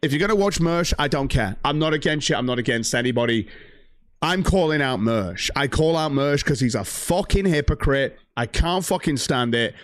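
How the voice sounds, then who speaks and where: A man's voice: medium pitch, expressive, normal speed, no echo. Profane, heated male stream host. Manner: reads out viewer donations. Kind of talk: ranting livestream commentary.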